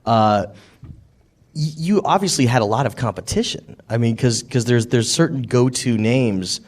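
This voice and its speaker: A man's voice: medium pitch, moderate pace, a little mellow. Rambling male Q&A host. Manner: rambling questions with fillers. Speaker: interviewer host. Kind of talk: Q&A interviewing.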